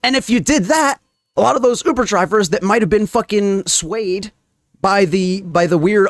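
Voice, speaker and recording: A man's voice: high voice, moderate pace, dry recording. A man giving a heated, profane reaction commentary on political clips, ranting in a casual way.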